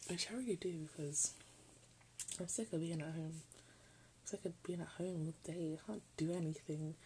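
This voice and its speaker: A girl in her late teens rambles through a late-night chat from her bedroom. Her voice sits low with a soft, mellow tone, and she keeps slipping into half-whispers. Faint background noise runs underneath. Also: moderate pace, low-quality recording. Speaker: vlogger.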